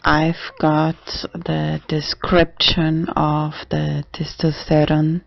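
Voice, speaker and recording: A trans man talking haltingly in a casual video diary, with many restarts and fillers. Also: on the high side, monotone, gravelly. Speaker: vlogger. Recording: dull dry lo-fi recording.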